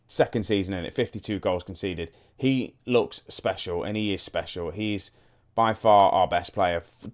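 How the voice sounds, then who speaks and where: A young man casually commenting on his football management game, thinking aloud and talking straight to his viewers. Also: deep voice. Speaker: gaming YouTuber. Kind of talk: casual let's-play commentary.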